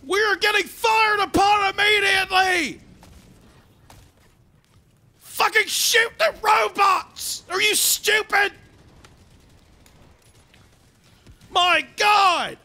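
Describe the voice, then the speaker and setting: A man voicing a bellowing, foul-mouthed male squad commander who yells orders over voice chat during a game. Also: very high voice, unhurried, vocal fry, hardly any pauses, pitched above the performer's own voice, exaggerated voice. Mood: furious yelling. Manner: yelling over comms, cursing, ends calls with "over". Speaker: streamer. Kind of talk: in-game role-play on voice chat.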